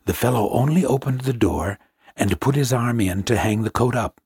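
A man voicing a hidden young male fugitive who speaks in a hushed, husky whisper. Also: mid-range voice, moderate pace, no room sound, studio quality.

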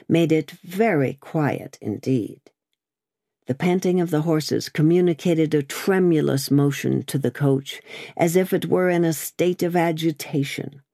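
A woman narrating an audiobook in a steady, measured reading voice. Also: sits low, no echo, studio quality.

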